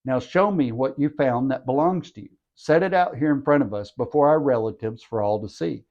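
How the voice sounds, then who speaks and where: A man's voice: medium pitch, brisk, a little mellow, highs cut off, lightly acted. A man reading the part of a herdsman protesting years of unfair treatment, in an earnest way. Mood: aggrieved. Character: aggrieved man defending his long labor.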